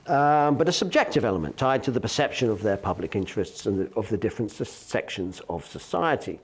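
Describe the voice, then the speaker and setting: Man giving a measured philosophy lecture. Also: medium pitch, darkish tone. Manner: measured and explanatory, with frequent fillers and self-corrections. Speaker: academic lecturer.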